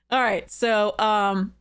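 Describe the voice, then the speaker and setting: A woman's voice: a little high, fairly bright tone, smooth. Bubbly, giggly woman streamer. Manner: bubbly and giggly, with frequent laughter; rambling, with many fillers and restarts. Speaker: streamer and content creator. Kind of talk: casual live-stream chat.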